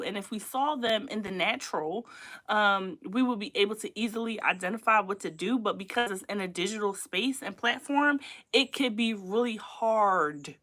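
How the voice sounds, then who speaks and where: Bright-voiced chatty woman livestreaming. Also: medium pitch. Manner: chatty, emphatic, repeats herself, laughs often. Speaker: livestream host. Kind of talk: casual livestream talk.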